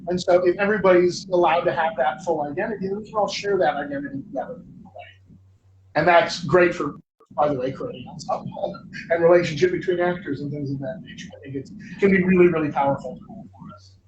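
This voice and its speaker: Male coach, fairly high voice, heard distant in a roomy space with faint hiss. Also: lively intonation, a little fast, muffled recording. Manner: chatty, reads questions aloud, playful nagging. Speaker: dialect coach, host. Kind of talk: live-stream Q&A. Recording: echoey room, from far off, faint noise.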